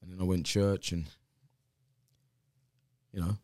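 A man who is a pastor, telling his conversion story in casual chat, relaxed and chuckling at his own past. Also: low voice, a little slow, dry recording, studio quality.

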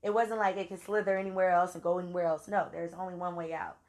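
A woman's voice: lowish voice, fast talker. Louisiana lady spinning a wild story, salty, acts out what she said, casual vlog talk. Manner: animated, salty, acts out her own quotes. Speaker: vlogger.

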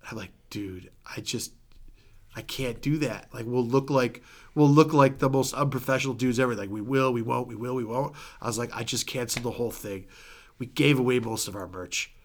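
A man telling a story in casual chat, acting out quotes, swearing freely and trailing off into quiet mumbles. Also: mid-range voice, brisk. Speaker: former band member, guest.

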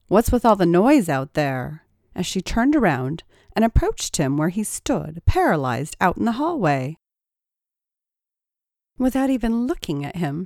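A woman narrates scripted fiction in a lowish voice with a lot of movement in her pitch. She reads expressively and takes on each character herself. The recording is dry, with no room sound. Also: mellow, dry recording.

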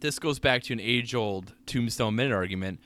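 A man's voice: mid-range voice, brisk, fairly bright tone, dry recording. A man co-hosting a podcast in casual chat, playful and laughing often as he argues odd tangents. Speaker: podcast co-host.

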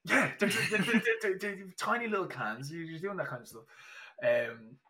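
Young irish guy chatting on a podcast, bright forceful voice, keeps restarting his sentences, lots of "like". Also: fairly high pitch, normal speed. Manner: chatty storyteller, many restarts and fillers. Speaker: podcast guest. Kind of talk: casual podcast chat.

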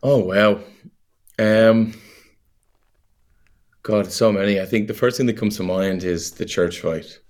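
An Irish man, a young adult actor, chatting as a guest in an interview, animated and full of fillers and laughs. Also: on the low side, slow pace, pauses often. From Ireland. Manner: animated storyteller, laughs easily, many fillers. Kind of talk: casual interview chat.

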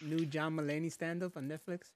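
A man's voice: fairly high pitch, level tone, a little fast. A man hosting a podcast in loose casual chat, rambling, laughing often and swearing freely. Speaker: podcast host.

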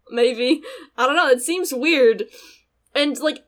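A woman with a fairly high voice co-hosts a relaxed podcast. She talks in loose, rambling bursts full of "like" and laughs often between thoughts. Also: slow pace. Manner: chatty, laughs often, many "like" fillers. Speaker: podcast co-host. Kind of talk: casual chat recapping an anime.

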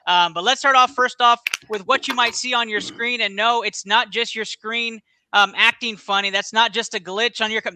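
Excitable male podcast host, high bright voice, crisp and dry, studio mic. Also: moderate pace, few pauses, no room sound. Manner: excitable, laughing, lots of fillers. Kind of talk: casual sports podcast chat.

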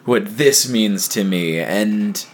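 A man's voice: on the low side, takes it slowly. A man hosting a casual podcast discussion about albums, thoughtful and steering the talk. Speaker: podcast host.

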